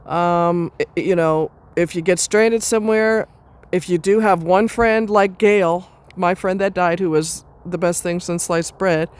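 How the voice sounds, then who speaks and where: A woman's voice: fairly low pitch, fairly even intonation, measured pace, clean tone. A woman venting in a casual monologue, blunt and profane, rambling with restarts as she rants. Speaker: vlogger.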